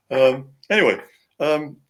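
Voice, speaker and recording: A man, an author and interview guest, telling a story casually, rambling with chuckles and frequent restarts. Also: medium pitch.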